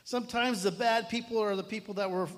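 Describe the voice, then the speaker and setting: A middle-aged pastor preaches a sermon briskly in a relaxed, talky way, doubling back on his words and tossing asides to the congregation. His voice sits a little high for a man and rings with the long reverb of a large hall.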